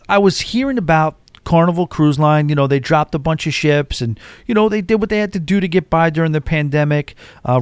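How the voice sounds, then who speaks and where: A man's voice: fairly high pitch, no echo. A man hosting a solo cruise talk show, rambling chattily from one topic to the next. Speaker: cruise podcast host.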